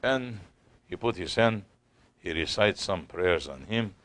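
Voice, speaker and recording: Slow, low-voiced man telling a story. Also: expressive, fairly bright tone. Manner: non-native English, acts out voices in the story. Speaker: sheikh giving a talk. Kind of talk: sohbet storytelling talk.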